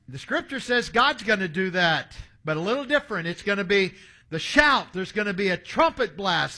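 Earnest preacher in his sixties, bright voice. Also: high-pitched. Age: 60s. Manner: earnest storytelling preacher, reading scripture aloud. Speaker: pastor. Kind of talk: sermon.

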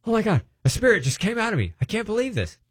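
Guy doing a freaked-out man squealing high. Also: lively intonation, brisk, no room sound, studio quality. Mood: startled. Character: grown man, startled and rattled.

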